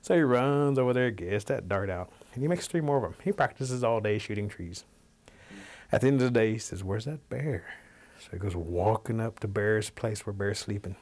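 A male storyteller with a lowish voice recounts an old animal tale. His delivery is relaxed and animated, and he shifts his tone as the story moves along. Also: a little fast. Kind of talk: oral folk storytelling.

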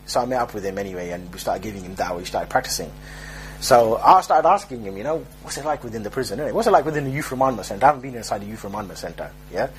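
A man's voice: mid-range voice, a little hiss or hum. A young man giving an informal religious talk, telling jokey street stories and mimicking the people in them. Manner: joking, streetwise storytelling with mock voices. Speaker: preacher.

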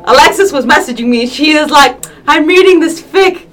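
High, bright-voiced woman co-host. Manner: expressive, quick exclamations and reactions. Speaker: podcast co-host. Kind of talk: casual chat.

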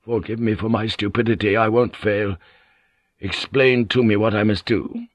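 A man's voice: fairly low pitch, steady tone, normal speed, no echo, lightly acted. A man voicing a loyal, blunt old samurai general in an audiobook, eager and deferential. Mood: earnest. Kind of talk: audiobook character voice.

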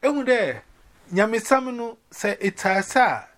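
A man's voice: high voice, very animated, slow, a bit bright. A man from Ghana rambling casually on a phone call, slipping between English and Akan.

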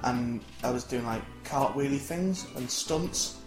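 A man from St Helens, hosting a podcast with deadpan, teasing banter and free swearing. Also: mid-range voice, measured pace. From St Helens, North West England. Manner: teasing, deadpan mock-jealousy, swears freely. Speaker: podcast host. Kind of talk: comic banter. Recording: roomy sound with music behind.

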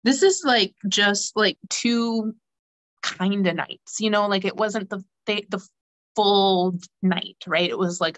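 Brief: chatty woman with a frog in her throat, dry close sound, mid pitch. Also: measured pace, no room sound, low-quality recording. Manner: chatty, rambling, many fillers. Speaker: guest knitter. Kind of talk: casual knitting podcast chat.

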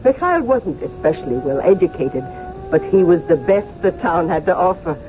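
A man narrating a radio drama in a calm, measured storytelling voice. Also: high-pitched. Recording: tinny old radio broadcast with music.

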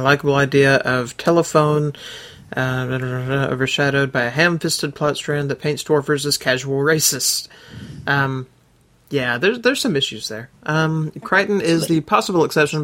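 A man's voice: a little high, a bit bright. A man hosting a podcast in casual chat, reading listener reviews aloud with plenty of ums and uhs and adding his own remarks as he goes. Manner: hesitant, lots of ums and uhs, adds his own comments while reading. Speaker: podcast host.

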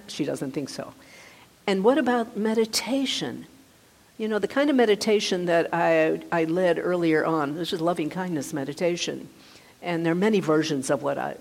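A woman meditation teacher giving a gentle, conversational dharma talk, often restarting her sentences. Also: sits low, vocal fry. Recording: reverberant hall.

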